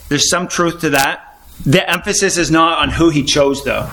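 A man's voice: a little high, moderate pace, sharp tone, slight background noise. A man giving an informal Bible teaching, earnest and repetitive, asking rhetorical questions. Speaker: preacher.

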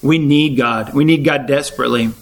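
A middle-aged man preaching a sermon, reading scripture slowly and then explaining it in a plain, casual way. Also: mid-range voice, rough recording.

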